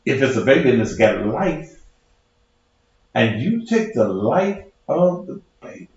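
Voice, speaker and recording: A man rants as a talk-show host, preachy and mocking, his pitch swinging up and down as he works the point. His voice comes through dull and lo-fi. Heavy echo hangs around it. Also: measured pace. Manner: preachy, sarcastic, lively delivery. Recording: very echoey, dull lo-fi sound.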